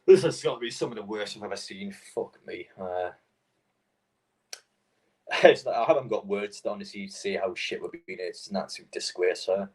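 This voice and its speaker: A man's voice: fairly low pitch, normal speed, breathy edge. A young man hosting a live football stream, rambling and swearing in frustration between fillers. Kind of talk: casual football watchalong chat.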